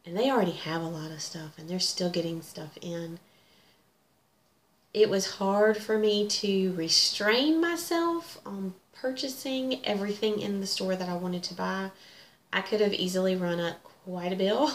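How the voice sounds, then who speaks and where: A middle-aged woman who vlogs about cross-stitch chats casually, gushing over her hobby in a medium-pitched voice at a normal speed. The room is echoey with faint ambience, and there's a little hiss or hum.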